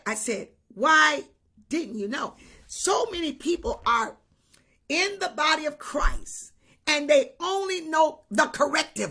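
Animated high-voiced woman preaching. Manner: animated preaching with cries and speaking in tongues. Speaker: bishop preaching. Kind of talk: sermon.

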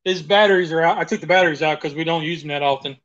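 A man's voice: fairly high pitch, rapid-fire, a bit bright, highs cut off. A middle-aged man from the Carolinas with a Southern accent, chatting easily and encouraging his daughter while cooking on a livestream. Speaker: host, father cooking with daughters. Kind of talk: casual livestream chat.

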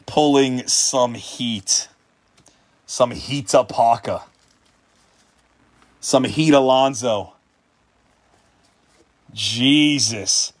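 A man hosting a trading card break livestream, calling out player names in casual commentary and getting excitable, even shouting, over big pulls, tired and hungry late in a long stream. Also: mid-range voice, very slow, long pauses.

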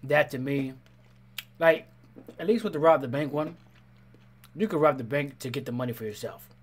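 A man's voice: medium pitch, normal speed. A man hosting a reaction video, talking in a casual, slangy way as he comments on clips. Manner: animated, slangy, says "bro" a lot.

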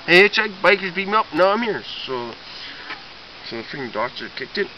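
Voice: mid-range voice, big pitch swings, fairly quick, pushed and bright. Rambling joke teller, far off. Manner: rambling, tags lines with "eh?", swears mildly. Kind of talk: casual joke telling. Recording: distant, dull, noisy home recording.

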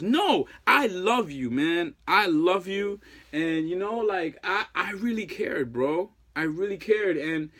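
A man in his thirties with a noticeably high voice pleads in a long rambling monologue. He circles back on himself with constant fillers and casual, profane slang, like a jilted ex talking straight to the camera. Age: 30s. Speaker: jilted ex-boyfriend.

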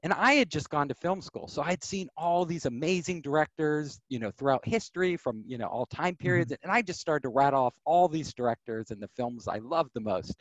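A middle-aged man, a podcast guest, telling stories of his career in an animated way and acting out the voices of people he quotes. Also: fairly high pitch, a little fast, hardly any pauses, no echo, lo-fi sound. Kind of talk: storytelling interview.

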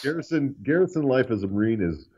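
A man's voice: mid-range voice, lively intonation, fast, mellow, dull audio, a little hiss or hum. A man hosting a podcast, chatting casually and profanely, with lots of hesitations and fillers. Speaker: podcast host. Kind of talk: casual chat.

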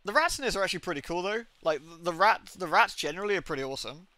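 A man's voice: high-pitched, expressive, racing, bright, forceful tone, dry recording. A man streaming a game live, reading its text aloud and chatting with viewers as he decides. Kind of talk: live-stream gameplay with read-aloud narration.

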